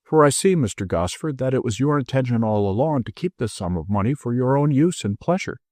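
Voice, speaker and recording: A man voicing a stern gentleman who lays out a swindler's guilt in a commanding, ironic way. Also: mid-range voice, animated, brisk, no echo, studio quality, natural voice. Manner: commanding, ironic, building in force.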